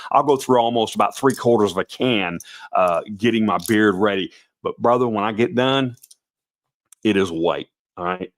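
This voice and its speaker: A man with a slightly raspy voice hosting a live stream, talking in a folksy, rambling way and often restarting his sentences. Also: fairly low pitch, a bit bright. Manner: folksy and rambling, with many restarts, calling viewers brother and guys. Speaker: host of a Santa performer show. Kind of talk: casual live-stream chat.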